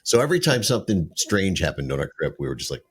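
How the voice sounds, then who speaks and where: A man's voice: low-pitched, very animated, fast, breathy edge. A man co-hosting a podcast, telling travel stories in casual chat and laughing often. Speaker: podcast co-host.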